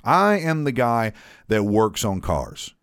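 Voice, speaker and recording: A man's voice: mid-range voice, very animated, slow, smooth, dry recording, studio quality. A man co-hosting a podcast, telling a story in casual chat, swearing freely and restarting often. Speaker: podcast co-host.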